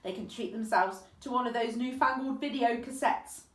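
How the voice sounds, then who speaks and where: A woman voicing a kindly, old-fashioned elderly male tramp with gentlemanly courtesy in a read-aloud story. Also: a little high, moderate pace, lightly acted. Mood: fussy. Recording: echoey room, distant mic.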